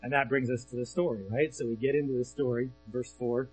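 A man preaches a sermon conversationally in a medium-pitched, darkish, slightly rough voice, brisk and fairly even in intonation. He checks in with listeners, often asking "right?", and reads scripture aloud between comments. The rough recording has soft background music and a faint mains hum.

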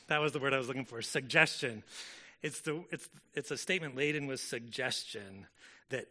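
A man's voice: medium pitch, moderate pace, pushed and bright. A man preaching a sermon in a conversational way, with frequent fillers and self-corrections as he explains a scripture passage. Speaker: pastor.

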